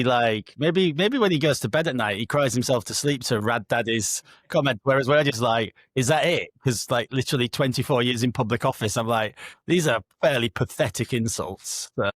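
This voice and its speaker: A man's voice: medium pitch, lively intonation, a little fast, no echo, clean studio sound. A middle-aged man, a podcast co-host, chatting in a self-mocking, rambling, wry way over a video call. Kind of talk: casual chat. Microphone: remote video call.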